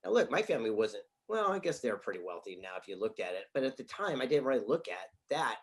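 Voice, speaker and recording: Guesting on an interview, a middle-aged author and speaker shares anecdotes in a fast, sing-song, mid-range voice, occasionally laughing his way through a punchline.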